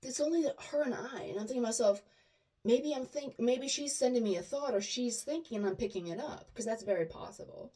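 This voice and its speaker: A woman's voice: a little high, brisk, recorded from a distance. A woman talks straight to camera in a loose, chatty monologue. She slips into the voices of the people in her stories and often restarts her sentences. Her voice sits a bit back from the mic. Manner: chatty and animated, acts out quoted dialogue, many restarts. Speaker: vlogger sharing personal stories. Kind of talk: casual storytelling monologue.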